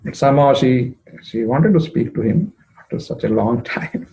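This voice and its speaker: A man telling a devotional story, emotive and rising in pitch at moving moments, with frequent fillers. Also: expressive, normal speed, vocal fry, dull audio. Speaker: spiritual storyteller.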